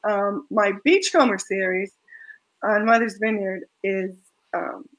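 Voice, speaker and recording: A woman author reading her own romance fiction aloud in a soft, measured way, then chatting about the story. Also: mid-range voice, poor audio.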